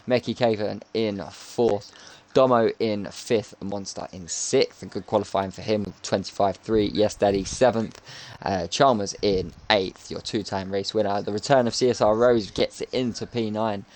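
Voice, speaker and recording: Chatty man calling a sim race. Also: fairly low pitch. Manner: chatty, jokey play-by-play. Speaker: sim racing commentator. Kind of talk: live race commentary. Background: music.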